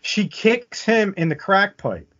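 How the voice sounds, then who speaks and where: Give me a man spinning a vivid tale as a podcast guest, pitched a bit high, on muffled audio. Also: very animated, slow, background noise. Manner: vivid, keeps checking in with "okay?". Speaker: interview guest. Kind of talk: casual storytelling.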